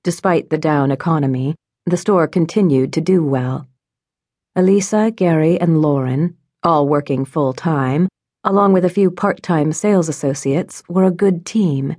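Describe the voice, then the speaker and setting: Give me a woman narrating a novel in a measured, even way, with a mellow, dark tone. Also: low voice, no room sound, clean studio sound. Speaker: audiobook narrator. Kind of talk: scripted narration.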